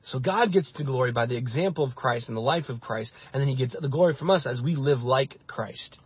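A man's voice: mid-range voice, brisk, slightly rough, muffled recording. A male pastor giving an impassioned sermon, building his points through repeated phrases.

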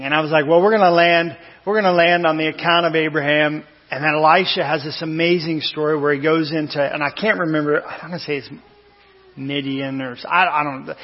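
A man giving an informal sermon in a church, talking in a conversational, rambling way with asides and self-corrections. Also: a little high. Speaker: lay preacher. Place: church sanctuary. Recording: echoey church hall, dull lo-fi sound.

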